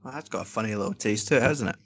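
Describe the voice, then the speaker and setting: A man's voice: lowish voice, very fast, gravelly, slightly rough. A man co-hosting a casual podcast, blunt and sweary, teasing his friend. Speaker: podcast co-host. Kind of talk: casual chat.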